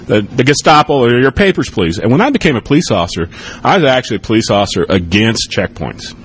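Quick-paced and very animated, a middle-aged American ex-police officer delivers a loose, rambling conference talk and answers questions from the audience. His mid-range voice keeps dropping in "okay?" and "you know," and there's slight background noise.

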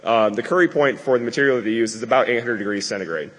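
A man's voice: mid-range voice, rapid-fire, a bit bright, slightly rough, long reverb tail. A man giving a live conference talk to an audience, rambling and joking with many fillers. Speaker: conference speaker. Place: lecture hall with an audience.

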